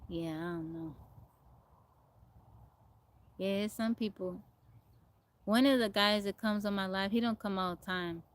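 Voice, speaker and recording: A woman's voice: mid-range voice, a little slow, pauses often. A woman from Texas chatting casually on a phone livestream, laughing often and answering viewer comments. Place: outdoors in nature.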